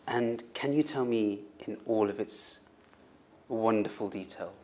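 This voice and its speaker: A man's voice: fairly low pitch, measured pace, darkish tone. A man hosting an interview, asking questions in an earnest, emphatic way. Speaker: host, doctor.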